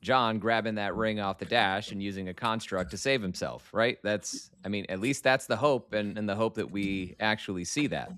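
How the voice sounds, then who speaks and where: Male guest, low and smooth, close and dry, talks in thought-out arguments. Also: normal speed, hardly any pauses, fairly bright tone, no echo. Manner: analytical, opinionated, builds arguments. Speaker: podcast guest. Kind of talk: casual podcast chat.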